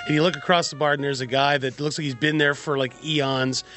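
A man with a bright, forceful voice in casual podcast talk. He speaks fast and paints little scenes. His pitch sits a bit higher than most men's. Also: little pitch movement, soft background music. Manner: storytelling, eager agreement. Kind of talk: casual chat.

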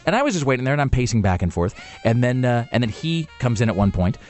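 Fast-talking man telling a rambling story. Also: medium pitch, very animated, darkish tone, faint music behind. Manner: rambling with many restarts and fillers. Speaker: radio show host. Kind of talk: casual storytelling on air. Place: radio studio.

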